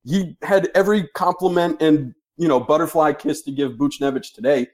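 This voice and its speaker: A man co-hosting a casual hockey podcast, his voice slightly high. He is blunt and opinionated, swearing freely as he argues his point. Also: moderate pace, a little mellow. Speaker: podcast co-host.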